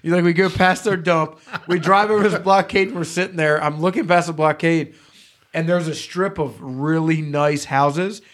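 A man's voice: a little high, steady tone, normal speed, a bit bright. Profane, laughing man storyteller. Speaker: podcast host. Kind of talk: casual chat.

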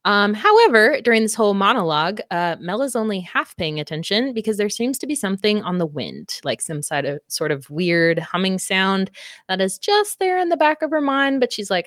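A woman's voice: medium pitch, big pitch swings, moderate pace, a bit bright, no echo, clean studio sound. A woman co-hosting a book club podcast, recapping a novel in casual chat, laughing often and swearing freely.

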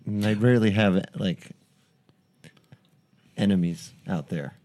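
A man co-hosting a podcast, calm and dry in his delivery. His voice sits on the lower side. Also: slow. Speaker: podcast co-host. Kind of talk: casual comedic podcast banter.

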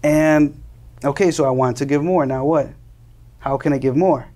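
A man's voice: a little high, fairly even intonation, moderate pace, warm tone. A young man from Colombia, a guest in an interview, earnestly telling his story and often repeating and restarting words as he searches for phrasing. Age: young adult.

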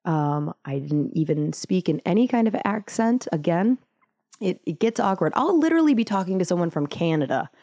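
A woman's voice: on the low side, mellow, dry recording, studio quality. A woman hosting a podcast, talking casually in a rambling, self-mocking way full of tangents. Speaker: podcast host. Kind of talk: casual podcast intro monologue.

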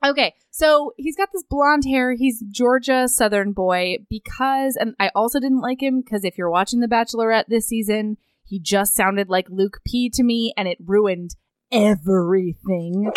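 Woman podcaster, kinda high voice, laughs a lot, wry, dry close sound. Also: moderate pace, clean tone, no echo. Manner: wry, laughs often, recaps a book in an amused tone. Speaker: podcast co-host. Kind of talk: casual chat.

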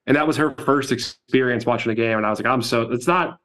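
Man, podcast co-host, casual chat, lively storyteller, swears a lot. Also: medium pitch, quick pace. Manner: animated storytelling, swears freely. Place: New York.

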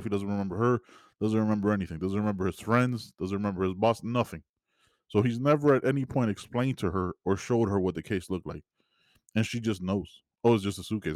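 A man's voice: lowish voice, darkish tone, no echo, studio quality. A man hosting a podcast, giving a casual solo movie review as an exasperated, rambling rant full of restarts. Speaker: podcast host.

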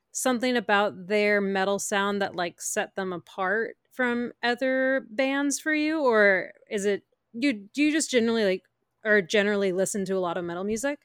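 A woman's voice: mid-range voice, moderate pace, smooth, no room sound, clean studio sound. A woman hosting a casual chat, asking questions in a friendly, hesitant way.

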